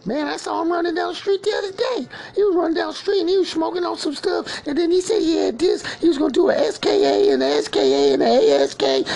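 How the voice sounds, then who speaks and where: A bewildered, frantic character who whines in a squeaky, near-crying falsetto. He rushes his words in a tearful rant. The voice is pinched and far above a normal speaking voice. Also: creaky, darkish tone, heavily acted. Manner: high, tearful, rushed ranting. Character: frantic shrill man, bewildered and whining.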